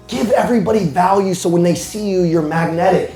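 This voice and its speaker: High-voiced man coaching a live room. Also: fast talker, hardly any pauses. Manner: animated, playful, addresses the crowd directly. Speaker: sales coach speaking live. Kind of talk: motivational talk to a live room. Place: roomy hall with a live audience. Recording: echoey room with faint music.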